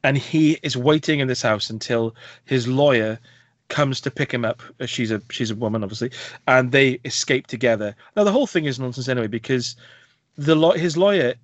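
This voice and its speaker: A British man co-hosting a podcast, chatting about films with quick asides and self-deprecating humour. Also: mid-range voice, dry recording. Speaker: podcast co-host. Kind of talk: casual film review chat. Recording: dry, dull lo-fi mic.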